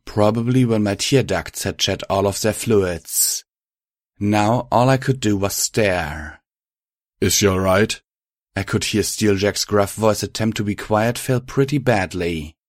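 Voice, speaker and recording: A man reading first-person fan fiction aloud in a measured, reflective manner. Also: on the low side, no echo, studio quality. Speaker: audiobook reader.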